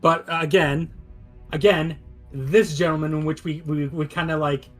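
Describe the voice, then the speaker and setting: A man with a fairly high voice, thinking out loud as a player at a tabletop game. He stalls often, repeating words while he works out a plan, with faint music underneath. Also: steady tone, normal speed. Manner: hesitant, many fillers and restarts. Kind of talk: casual chat at a tabletop game.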